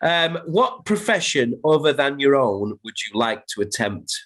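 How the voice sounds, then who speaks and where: A man's voice: medium pitch, big pitch swings, a little slow, a bit bright, slight background noise. A man hosting a podcast, chatting casually with plenty of fillers and restarts. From Lancashire, England. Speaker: podcast host. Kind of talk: casual chat.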